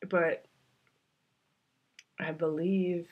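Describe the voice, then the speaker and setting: This travel vlogger speaks slowly with long pauses, her fairly low voice a little mellow and breathy, with fairly even intonation. She tells the camera a personal story in a heartfelt, confiding way, rambling with many fillers and occasionally sinking to a near-whisper.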